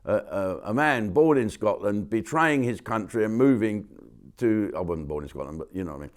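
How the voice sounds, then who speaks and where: A man's voice: fairly low pitch, expressive, normal speed. A man hosting a comic rant to camera from a studio, sarcastic and profane. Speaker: comedian host.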